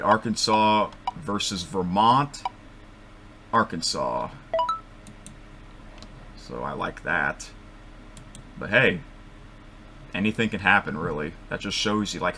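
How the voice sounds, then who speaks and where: A man thinking aloud as he makes picks at his computer microphone, rambling and correcting himself, with sudden excited outbursts. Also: sits low, slow, long pauses, background noise. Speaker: vlogger making bracket picks. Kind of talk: casual thinking-aloud commentary.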